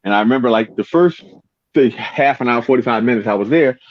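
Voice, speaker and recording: A man in casual conversation who tells personal stories with lots of animation and acts out the other people's lines. His voice sits at an ordinary pitch and comes through a somewhat dull, lo-fi recording. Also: lively intonation, fairly quick. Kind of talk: casual chat, storytelling. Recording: dull lo-fi sound.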